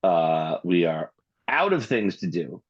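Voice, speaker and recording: A man in his thirties with a very low, deep voice. As a podcast co-host he rambles along in a laid-back, wry way. The recording is dull and muffled, like lo-fi audio. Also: sing-song, slow pace, breathy edge. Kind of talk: casual podcast banter.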